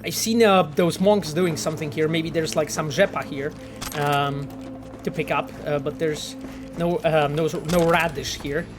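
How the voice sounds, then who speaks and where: A man's voice: a little high, fairly even intonation, measured pace, music in the background. A man streaming a game he helped make, chatting casually with viewers and thinking aloud with lots of fillers and swearing. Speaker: game developer streaming gameplay. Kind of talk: casual livestream commentary.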